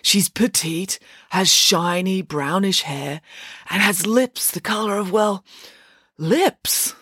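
A woman's voice: mid-range voice, slow pace, fairly bright tone, husky, dry recording, studio quality, voice pushed up. A woman reading a storybook, voicing a large, earnest teenage schoolboy who is bashful and dreamy about love.

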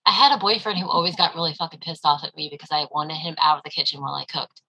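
A woman's voice: sits low, fairly even intonation, fast, pushed and bright, breathy edge, low-quality recording. A woman co-hosting a casual true crime podcast, blunt and swearing freely. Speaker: podcast co-host, storyteller. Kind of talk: casual chat.

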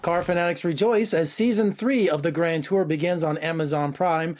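Eager high-voiced interviewer. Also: male voice, normal speed. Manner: eager, upbeat, self-deprecating. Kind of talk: entertainment interview.

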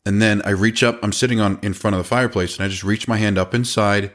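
Brief: lowish man in his thirties, casual animated storyteller, quotes people as he goes. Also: fast talker. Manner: animated, quotes people in their own voices. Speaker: business owner telling a story.

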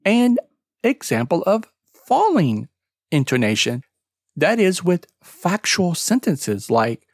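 A pronunciation teacher hosting a podcast lesson, taking each point slowly and deliberately. The voice swoops up and down with lively intonation, and stressed words are leaned on hard. The recording is dry and close, with almost no room sound. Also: mid-range voice, dry recording. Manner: slow, deliberate explaining with emphatic word stress; spells out web addresses letter by letter.

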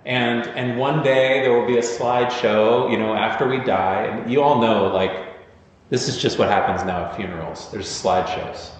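A man's voice: medium pitch, moderate pace. Male pastor preaching in an echoing hall. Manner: informal, storytelling, self-deprecating asides. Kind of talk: conversational sermon. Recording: echoey hall, dull lo-fi sound.

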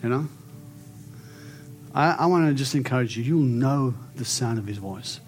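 A man's voice: medium pitch, animated, normal speed, darkish tone, soft background music. A man preaching and prophesying over a congregation, emphatic and declaring, often coaxing his listeners to respond. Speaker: preacher giving prophetic ministry. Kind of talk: charismatic sermon and prophecy.

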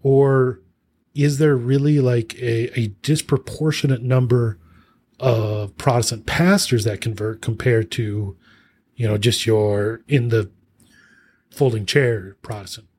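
Male podcast co-host, mid-pitch everyday voice, relaxed chat with a teasing edge. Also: takes it slowly. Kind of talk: casual chat.

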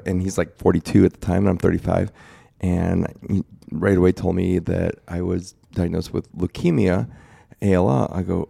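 A low, gravelly man in his forties with a dark, mellow tone, recounting his story in a casual chat. He talks in a plain-spoken, rambling way, circling back as he goes. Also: steady tone, moderate pace. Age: 40s. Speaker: guest telling his story.

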